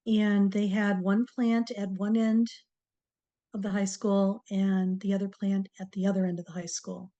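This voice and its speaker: A woman hosting a TV talk, giving a slow, encouraging motivational talk to viewers with many pauses. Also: medium pitch, level tone, highs cut off. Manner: slow, pausing, soft-spoken and encouraging. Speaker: TV show host, speaker on word power.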